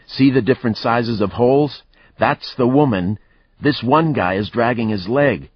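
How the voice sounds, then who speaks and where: A man's voice: medium pitch, normal speed, breathy edge, no echo, highs cut off, pitched above the performer's own voice, close to an everyday voice. A man voicing a stubborn, reckless male cop who talks bluntly and profanely in an audiobook. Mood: excited. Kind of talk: audiobook narration.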